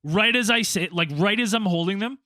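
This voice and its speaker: High bright-voiced guy ranting thru a crude story on a podcast, dry close sound, gets loud doing the voices. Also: fairly quick, no room sound. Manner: animated, profane, acts out quotes loudly. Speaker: podcast co-host. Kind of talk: casual storytelling chat.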